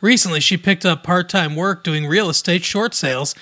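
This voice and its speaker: Bright-voiced man co-hosting a podcast. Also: high-pitched, normal speed. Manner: reads entertainment news aloud with wry asides and frequent laughs. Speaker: podcast co-host. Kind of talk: casual podcast chat.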